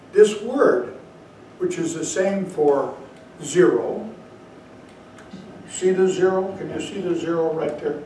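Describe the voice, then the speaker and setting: A man giving a dharma talk as a Zen teacher, telling stories with slow emphatic asides, recorded far from the mic in a very echoey hall. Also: sits high, a little mellow, a little hiss or hum. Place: meditation hall.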